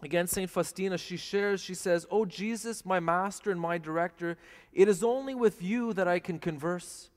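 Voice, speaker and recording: A priest with a fairly high voice preaches earnestly and plainly, often turning to his listeners with questions. His words ring out with a long reverb, as if in a large hall. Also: normal speed. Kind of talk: televised sermon.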